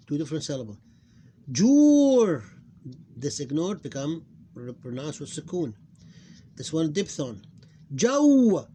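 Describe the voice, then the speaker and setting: A man teaching a phonics lesson, slowly repeating each syllable and stressing it loudly. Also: medium pitch, husky. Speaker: Arabic teacher.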